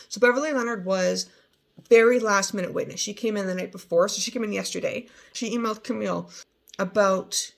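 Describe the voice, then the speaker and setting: Woman rambling thru a trial recap, lots of ums, a bit gravelly. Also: mid-range voice. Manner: chatty, rambling, many fillers and restarts. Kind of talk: casual chat.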